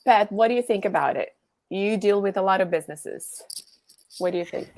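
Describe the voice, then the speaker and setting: A woman's voice: medium pitch, fairly quick, darkish tone, dry recording. Hesitant woman moderator with dry sound. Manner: hesitant, lots of restarts. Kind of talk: hosting a round table. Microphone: video call.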